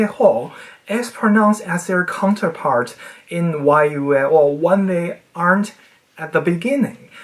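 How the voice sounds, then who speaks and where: Someone talks informally about language in an educational monologue. The manner is nerdy and playful, with big swings in pitch, and phrases fade away softly at their ends.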